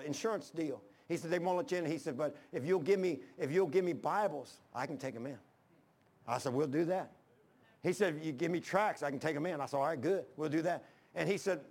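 A man's voice: a little high, a little mellow. A man, preaching a sermon as pastor in an impassioned, folksy storytelling way.

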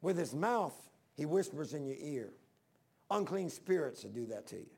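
Gravelly, folksy male preacher. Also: fairly high pitch, very animated, moderate pace, a little mellow. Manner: folksy, rambling, talks straight to the congregation. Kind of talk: sermon.

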